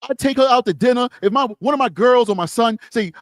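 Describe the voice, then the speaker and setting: A man with a high voice co-hosts a live true-crime stream. He talks emphatically and repeats his points, and the sound is close and dry with no room around it. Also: fast, few pauses, no room sound. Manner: emphatic, repetitive, opinionated.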